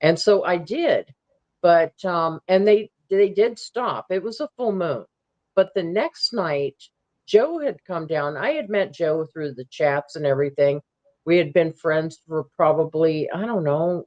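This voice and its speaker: A woman's voice: fairly low pitch, a little mellow. Woman telling a campfire-style encounter story. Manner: halting storyteller, many ums and restarts. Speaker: guest. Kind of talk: recounting a personal camping encounter.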